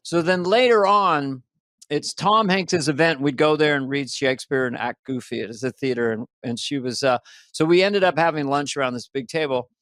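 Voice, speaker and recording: Playful man with a higher voice. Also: moderate pace, no echo, studio quality. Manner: animated, playful anecdote teller. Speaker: podcast co-host. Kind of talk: casual comedic storytelling.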